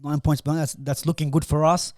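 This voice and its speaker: A man, co-hosting a casual football chat, who gets animated in bursts and trails off mid-sentence. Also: on the high side, brisk, dry recording, studio quality. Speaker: podcast co-host.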